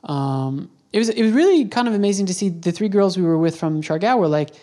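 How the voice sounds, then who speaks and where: A man's voice: sits high, lively intonation, fairly quick, dark tone. A man hosting a podcast, telling a travel story in a casual, rambling way and often correcting himself. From United States. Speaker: podcast host.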